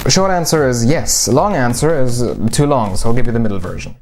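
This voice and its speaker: A man's voice: mid-range voice, fairly quick, a little mellow, faint music behind. A man explaining how accents work in a casual, wry teaching style. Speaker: linguistics teacher. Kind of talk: explanatory video lesson.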